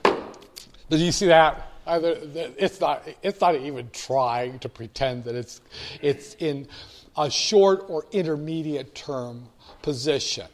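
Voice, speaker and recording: A man's voice: mid-range voice, a little slow. A man giving a casual, chatty walkthrough of stock charts, with wry asides and frequent restarts. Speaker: stock market commentator. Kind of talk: casual screen-share market walkthrough.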